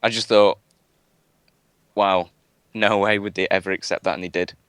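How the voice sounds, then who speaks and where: Deep-voiced rambling man. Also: flat delivery, moderate pace, a bit bright, clear, resonant tone, no room sound. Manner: rambling, chatty, many fillers and restarts. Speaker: guest gamer. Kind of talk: casual live-stream chat.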